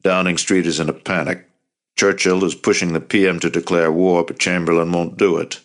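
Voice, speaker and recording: A man voicing a formal, worried government official, measured in manner, in an audiobook. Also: low-pitched, level tone. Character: male secretary of state, worried and formal.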